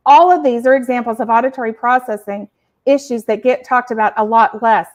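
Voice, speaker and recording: A woman hosts a podcast for parents and explains each point with energy and emphasis. Her voice sits slightly high, and she sometimes acts out short examples. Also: a little fast. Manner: animated, emphatic, uses acted examples. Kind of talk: educational explaining.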